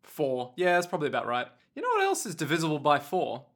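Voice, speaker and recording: A man's voice: a little high, wildly swooping pitch, quick pace, a bit bright. A man co-hosting a podcast in casual chat, playful and goofy, teasing his co-host. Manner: playful, goofy, breaks into silly voices.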